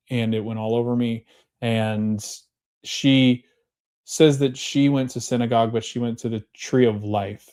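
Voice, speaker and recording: A man hosting a podcast, casually recapping a TV episode with many fillers, pauses and self-corrections. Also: mid-range voice, a little mellow. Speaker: podcast host.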